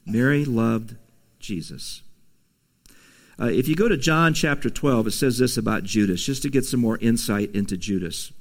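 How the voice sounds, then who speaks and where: Gravelly-voiced male preacher. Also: mid-range voice, normal speed. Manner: conversational, with asides and soft laughs. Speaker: pastor. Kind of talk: sermon.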